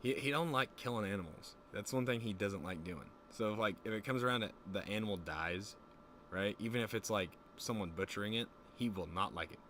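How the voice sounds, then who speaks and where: A young man with a fairly low voice tells a long rambling story, swearing often and acting out the people he quotes. Faint background noise runs under his casual streaming chat. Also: fairly quick. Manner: rambling, profane, animated quoting.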